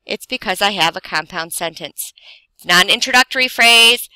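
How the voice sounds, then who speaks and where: A woman teaching a grammar lesson, explaining slowly and deliberately with pauses for emphasis. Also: medium pitch, bright, forceful tone, smooth, dry recording, poor audio. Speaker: English teacher.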